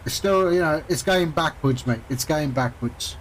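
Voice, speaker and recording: High-voiced man telling stories. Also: normal speed, slight background noise, low-quality recording. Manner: rambling storyteller, chuckles often, acts out callers. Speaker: streamer. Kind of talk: casual chat while streaming a flight sim.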